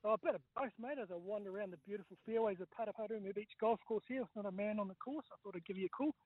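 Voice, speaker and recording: Fast-talking New Zealand man on a tinny phone line. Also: high-pitched, no echo. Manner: chatty, blokey, says mate a lot. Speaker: caller. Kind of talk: casual phone-in chat. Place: outdoors on a golf course. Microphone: mobile phone.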